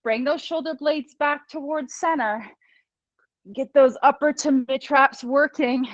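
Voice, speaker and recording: A woman's voice: high voice, a little slow, dry recording, muffled recording. A woman leading a live online fitness class, cheering people on, counting down reps and often laughing. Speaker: fitness instructor. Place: small studio room.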